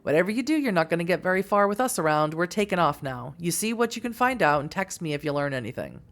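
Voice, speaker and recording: A woman's voice: lowish voice, animated, quick pace, faint music behind. A woman voicing a cheerful, sly young man who is a small-time crook.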